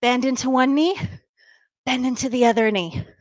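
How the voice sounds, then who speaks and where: A woman's voice: high voice, moderate pace, darkish tone, dry recording. A woman leading a live workout class, upbeat and encouraging, counting down reps and a bit out of breath from exercising along. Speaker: fitness instructor.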